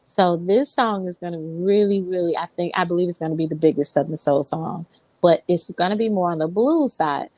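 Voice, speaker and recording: Woman, low pitch, dry close sound, rambling interview guest, lots of fillers. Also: brisk, darkish tone, dry recording. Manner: rambling, many fillers and restarts. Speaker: Southern soul singer, guest. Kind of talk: casual interview storytelling.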